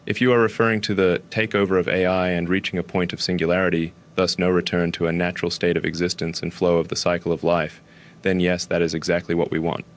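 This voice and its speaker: A man playing a deadpan tech billionaire, very low voice. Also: fast, a little hiss or hum. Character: smug careless tech billionaire, adult man. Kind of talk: comedic interview sketch.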